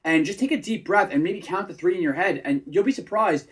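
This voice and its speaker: Quick, slightly high male dating coach, lively and demonstrative. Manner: animated, acts out example lines in mock voices. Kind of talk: casual advice chat.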